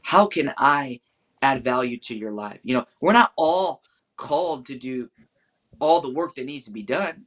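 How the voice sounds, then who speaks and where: A man's voice: medium pitch, animated, a little slow. Affirming man on a faith podcast. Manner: affirming, warm-hearted, quotes scripture. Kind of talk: casual faith podcast talk.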